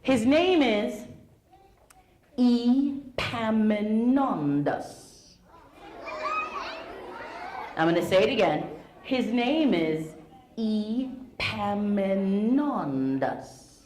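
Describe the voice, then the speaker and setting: A middle-aged woman storyteller speaking playfully and animatedly to an audience of schoolchildren in a school hall. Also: a little high. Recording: roomy echo, faint hall noise.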